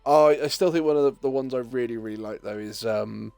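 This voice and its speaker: A man chatting with friends while gaming, telling jokes at length and jumping into silly voices for each quoted line. His voice is mid-pitched and the sound is dry and close to the mic. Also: quick pace, gravelly, dry recording, faint music behind. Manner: animated storyteller, acts out quoted lines. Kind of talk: casual gaming chat.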